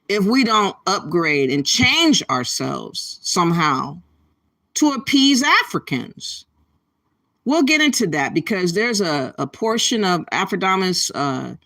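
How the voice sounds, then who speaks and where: A woman's voice: mid-range voice, fairly bright tone. A woman hosting a commentary channel, talking bluntly and scolding her listeners, stretching words for emphasis. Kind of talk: opinionated commentary.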